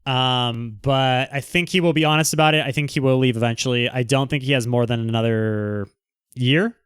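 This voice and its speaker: A man's voice: medium pitch, steady tone, moderate pace, fairly bright tone, clear, resonant tone, no room sound, clean studio sound. A man hosting a livestream, reading viewer comments aloud and answering them in a frank, rambling way with many restarts. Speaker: livestream host.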